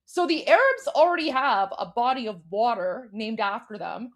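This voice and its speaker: A woman's voice: on the high side, animated, normal speed. A young adult woman hosting a live stream, chatting casually with viewers and commenting on news, with many fillers and restarts. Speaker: livestream host.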